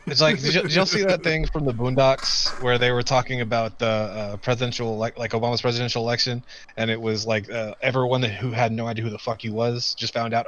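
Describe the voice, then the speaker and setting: A man's voice: mid-range voice, fairly even intonation, a bit bright, lo-fi sound. A man co-hosting a podcast, telling crude stories and laughing in casual banter. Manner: storytelling, laughing, fast bursts. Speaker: podcast co-host.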